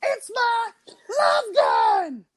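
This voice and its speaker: A wild male rock frontman shrieks crowd banter in a piercing falsetto. The pitch sits very high and leaps around constantly. He half-sings his lines. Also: big pitch swings, very slow, raised voice, full character voice, low-quality recording. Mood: hyped.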